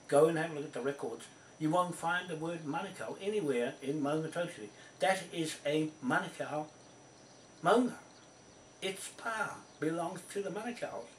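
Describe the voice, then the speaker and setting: A man's voice: on the high side, slight background noise. Emphatic New man, distant and roomy. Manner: emphatic, accusing, repeats himself. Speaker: land claimant addressing viewers. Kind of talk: rambling accusatory monologue to camera. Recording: roomy echo from a distant mic.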